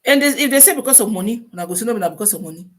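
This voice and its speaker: A woman with a Nigerian Pidgin English accent, hosting a casual live-stream advice talk, animated and full of rhetorical questions. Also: on the high side, racing.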